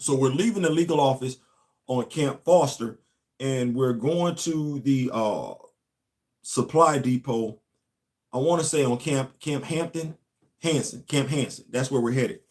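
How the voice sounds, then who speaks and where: A man, a show host and former Marine, telling a long casual story and asking his listeners rhetorical questions. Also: mid-range voice.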